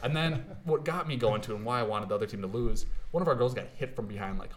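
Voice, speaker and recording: A man's voice: mid-range voice, fast, a little hiss or hum. A young man working as a sports videographer, talking in an upbeat, rambling way in a casual interview. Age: young adult. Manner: rambling, upbeat, full of "I mean" and "you know".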